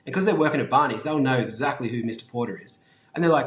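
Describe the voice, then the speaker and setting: A man's voice: mid-range voice, very fast, fairly bright tone. A man in his forties with an Australian accent, chatting casually as an interview guest, laid-back, swearing and full of fillers. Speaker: guest entrepreneur. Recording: roomy echo.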